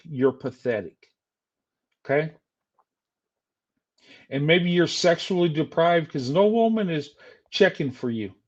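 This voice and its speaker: A man's voice: a little high, muffled recording. An older man streaming a heated, insulting rant at a rival. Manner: angry, insulting, taunting.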